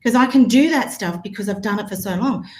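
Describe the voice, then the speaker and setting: A woman's voice: medium pitch, brisk, a little mellow, roomy sound, slight background noise. A woman presenting a live marketing workshop, talking energetically and calling her audience guys. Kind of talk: live online workshop talk.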